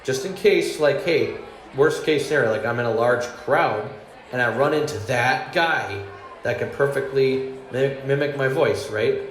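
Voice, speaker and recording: A man's voice: medium pitch, a little slow. Rambling man doing stand-up, echoey. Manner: meandering, self-deprecating, chuckles through his own jokes. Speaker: stand-up comedian. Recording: echoey room with faint hum.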